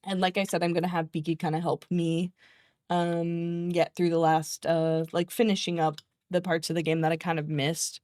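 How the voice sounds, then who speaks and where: A woman streamer chatting casually with her viewers. She rants in an animated way, swears freely, laughs often and mocks the people she is quoting. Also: lowish voice, normal speed, dry recording. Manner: exasperated, mocking quoted voices.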